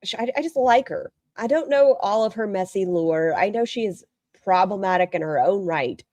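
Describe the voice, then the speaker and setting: A woman's voice: mid-range voice, expressive, normal speed, a little mellow, no room sound. A woman streamer giving casual, rambling reaction commentary and talking straight to her chat. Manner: chatty, rambling, talks to chat directly.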